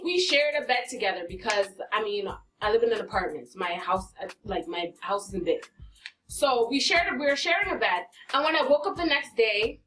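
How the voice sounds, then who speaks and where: A woman's voice: fairly high pitch, a bit bright, distant mic, low-quality recording. A woman telling a dramatic personal story for her vlog. She swears freely, asks rhetorical questions and acts out what people said. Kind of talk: storytime vlog, animated retelling.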